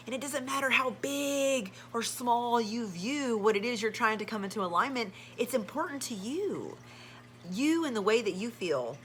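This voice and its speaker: Bright-voiced earnest woman healing coach. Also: mid-range voice, a little hiss or hum. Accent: Southern American. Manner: earnest, emphatic, repeats words. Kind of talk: casual motivational talk to camera.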